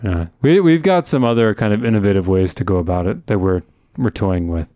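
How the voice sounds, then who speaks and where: A man co-hosting a casual podcast, trading deadpan jokes and banter. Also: on the low side, a little fast, dry recording, clean studio sound. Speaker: podcast co-host. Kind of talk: casual swearing podcast chat.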